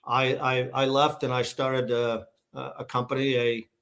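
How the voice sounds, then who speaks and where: A man's voice: mid-range voice, level tone, unhurried, vocal fry, a bit bright. A middle-aged man from Massachusetts with a Boston accent, telling stories as a company founder in a casual interview, rambling with fillers and restarts. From Massachusetts, USA. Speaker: guest, shoe company founder.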